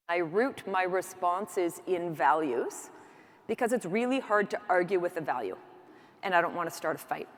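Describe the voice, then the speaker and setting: A middle-aged woman, an emergency physician, giving a candid, animated conference keynote speech with personal asides. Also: medium pitch. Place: large conference hall. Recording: echoey conference hall.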